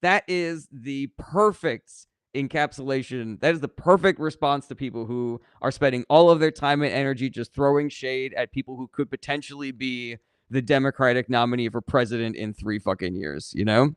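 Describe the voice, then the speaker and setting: A young man from California runs a live question-and-answer stream, reading each comment aloud before answering it. He is blunt and sarcastic and swears casually. His voice is smooth and clear, in dry, close sound. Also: medium pitch, a little fast, dry recording. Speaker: livestream host answering viewer questions.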